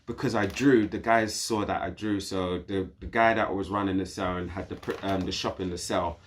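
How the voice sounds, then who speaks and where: A man's voice: sits low, normal speed, a little hiss or hum. A British man, a podcast guest, telling a story in casual chat and acting out the voices of the people in it. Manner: animated, acts out quoted voices.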